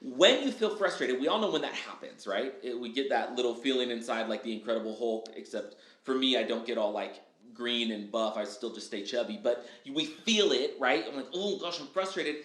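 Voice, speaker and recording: A man speaking as a podcast guest, upbeat and animated, acting out his own quotes and often asking "right?" and saying "dude.". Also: mid-range voice, brisk, few pauses. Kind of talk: casual podcast chat. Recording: echoey room.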